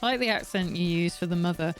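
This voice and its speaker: A woman's voice: on the low side, fast, soft background music. Talk casually as a woman streamer, chatty, a bit sweary, laughing at yourself. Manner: chatty, swearing, self-mocking. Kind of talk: casual gaming commentary.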